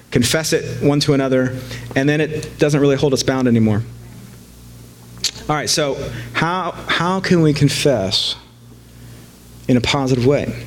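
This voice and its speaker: A man's voice: fairly high pitch, a little hiss or hum. A man preaching a casual sermon to a live congregation, joking and conversational, with frequent fillers and restarts.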